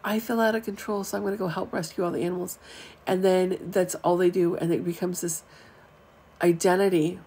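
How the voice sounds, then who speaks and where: A middle-aged woman leads a live spiritual talk, chatting frankly with her viewers. Her voice sits a little low and carries a husky edge. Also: fairly quick, poor audio. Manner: chatty, frank, animated teaching with asides to viewers. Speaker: spiritual teacher.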